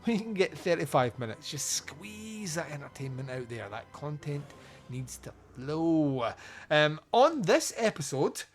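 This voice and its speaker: A man's voice: fairly high pitch, sing-song, measured pace, soft background music. A Scottish man hosting a podcast in loose, jokey chat, rambling and laughing often. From Scotland. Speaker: podcast host.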